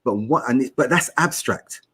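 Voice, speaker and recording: Middle-aged man, South London accent, husky voice, mid pitch, podcast host, measured and lecturing. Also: animated, a bit bright. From South London, England. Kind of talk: podcast discussion.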